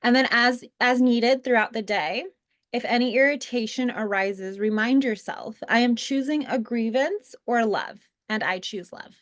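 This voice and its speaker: A woman's voice: a little high, measured pace. A woman co-hosting a spiritual lesson, talking earnestly in a casual way with fillers and restarts. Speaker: co-host teaching a spiritual lesson. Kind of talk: casual spoken teaching.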